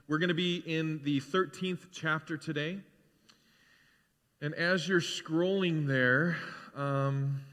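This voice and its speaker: A male pastor preaches in a relaxed, chatty way, full of fillers and lively asides. His voice is bright and sits a little high, and it rings out through a church hall with a long reverb. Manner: casual, conversational, with filler words and animated asides. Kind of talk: sermon. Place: church sanctuary.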